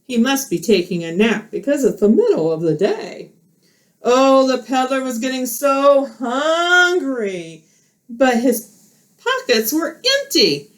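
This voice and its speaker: A woman teacher telling a children's story at home and explaining it while she acts it out, recorded on a camera. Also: high voice. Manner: slow, animated, teacherly explaining. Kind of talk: storytelling role play for children.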